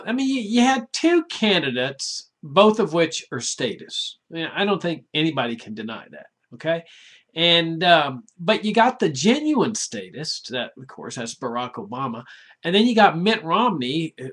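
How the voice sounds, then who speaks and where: A man's voice: fairly high pitch, a bit bright. Chatty sarcastic male show host. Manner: chatty, digressive, laughs often; scoffing, many "you know" fillers. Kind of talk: weekly internet commentary show.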